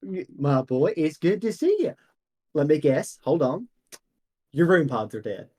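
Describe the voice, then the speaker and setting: A man's voice: fairly high pitch, very animated, a little slow, darkish tone, breathy edge, exaggerated voice. A man voicing a chatty, sly male halfling shopkeeper with a folksy, jovial manner. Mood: cheery. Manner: folksy, jovial, calls people lad and my boy.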